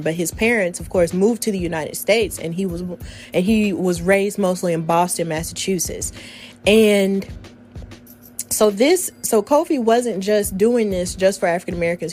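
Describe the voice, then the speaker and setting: A woman's voice: lowish voice, darkish tone. A young woman hosting a podcast, telling a personal story in an earnest, emotional way and laughing at times. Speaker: podcast host.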